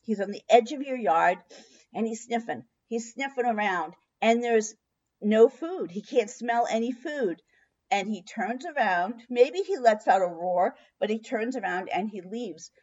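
A woman with a fairly high voice gives a motivational workshop talk. She tells a story and acts out little asides in a lively way. The recording sounds dull and lo-fi. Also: measured pace. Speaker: diet workshop host.

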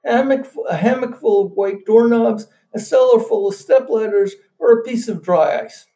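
A man voicing a quick-witted, unflappable city politician who answers with dry, deadpan retorts. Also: high-pitched. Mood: wry.

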